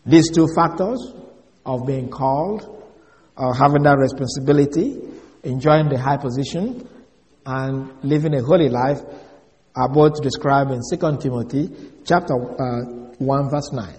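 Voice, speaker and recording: A man's voice: mid-range voice, a little mellow. Man teaching scripture in a reverberant hall. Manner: deliberate, repeats key words, spells them out. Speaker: preacher. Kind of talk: expository Bible teaching. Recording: long reverb of a large hall.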